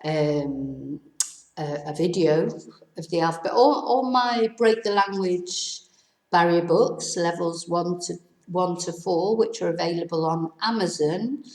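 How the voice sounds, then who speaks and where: A woman teaching a language lesson at an unhurried, measured pace, spelling words out one letter at a time. Her voice is on the lower side and carries a noticeable room echo. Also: darkish tone. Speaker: Spanish teacher.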